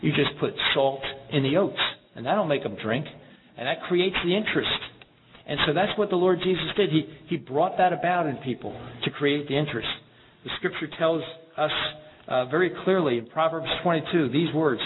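A man preaching a sermon in an earnest, measured way, reading scripture passages aloud. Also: on the high side. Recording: tinny phone-like sound with background noise.

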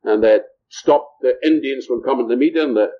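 A man's voice: medium pitch, brisk. An older man from Scotland preaching a sermon, often asking his listeners rhetorical questions. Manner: rhetorical, asks the audience questions. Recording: muffled lo-fi recording.

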